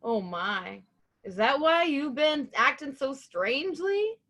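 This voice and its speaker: A woman voicing a playful male crow in a picture-book reading, speaking slowly and drawn out in a raised voice. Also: sits high, very animated, fairly bright tone, voice pushed up, full character voice. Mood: teasing. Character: cheeky male crow, playful then kind.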